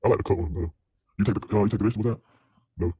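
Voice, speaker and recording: A man doing a low husky young guy, laid-back. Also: rapid-fire, dark tone, lo-fi sound. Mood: relaxed teasing.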